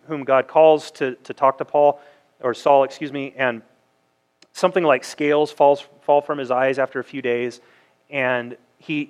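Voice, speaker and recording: A man preaching a sermon, reading verses aloud and explaining them in a conversational way, asking the congregation rhetorical questions. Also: on the high side. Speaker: pastor.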